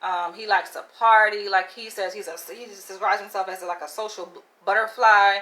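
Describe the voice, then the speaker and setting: A woman's voice: medium pitch, steady tone, a little fast, pushed and bright, low-quality recording. A woman vlogging casually, telling a story candidly with lots of "like" and "right?" asides and frequent laughs.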